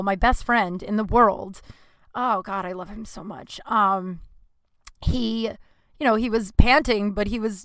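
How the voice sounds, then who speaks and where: Podcast host, young woman, bright crisp voice, dry close mic, emotional rambling monologue. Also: mid-range voice, no room sound. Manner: emotional, rambling, swears freely, voice swings up when upset. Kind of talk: casual personal podcast monologue.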